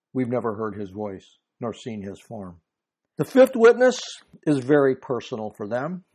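A man's voice: medium pitch, darkish tone. A man giving a verse-by-verse Bible teaching, earnestly explaining passages and reading scripture aloud.

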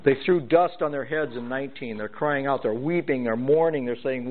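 A man's voice: medium pitch, moderate pace. A man preaching a verse-by-verse Bible teaching sermon, stressing each item in a list as his voice rises and falls. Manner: emphatic, lists items with rising and falling stress. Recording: tinny phone-like sound.

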